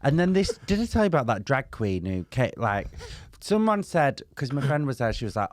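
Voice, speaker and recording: Animated, swearing English man on a podcast. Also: medium pitch, brisk, no echo. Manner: animated, swearing, acts out quoted exchanges. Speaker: podcast co-host. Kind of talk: casual comedic chat.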